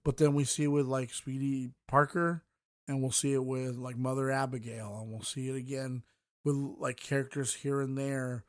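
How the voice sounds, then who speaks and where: A man's voice: medium pitch, flat delivery, moderate pace, no room sound, clean studio sound. A man hosting a podcast, reviewing books in casual, rambling talk full of fillers and restarts. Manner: mocking voices when quoting. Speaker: podcast host.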